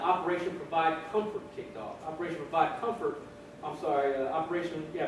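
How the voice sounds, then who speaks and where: A man giving a humorous storytelling speech at a ceremony, animated and often repeating words. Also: on the high side. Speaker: ceremony speaker. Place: ceremony hall. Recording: echoey hall, distant mic, background noise.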